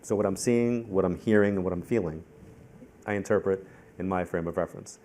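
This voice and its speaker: Fast-talking deep-voiced man. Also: slight background noise. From Long Island, New York. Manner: animated storyteller, acts out quoted voices; talks fast and repeats himself when in the zone. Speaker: psychic-medium guest. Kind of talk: live onstage conversation.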